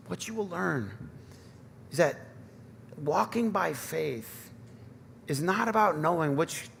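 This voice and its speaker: A Michigan-accented man in his thirties, a pastor, delivers a conversational, self-deprecating sermon full of personal stories in a church sanctuary. His voice sits on the high side and is fairly bright, animated yet slow, with vocal fry and long pauses. The recording carries long church reverb, faint ambience, and slight background noise.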